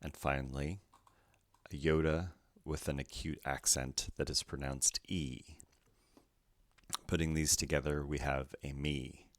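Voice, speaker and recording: Very deep, slow-spoken male language teacher. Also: flat delivery, no echo. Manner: careful, methodical, spells out each letter. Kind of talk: slow letter-by-letter pronunciation lesson.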